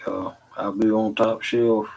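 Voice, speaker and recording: Male guest, unhurried halting delivery, slightly low voice. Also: flat delivery, vocal fry, darkish tone, rough recording. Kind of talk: casual chat.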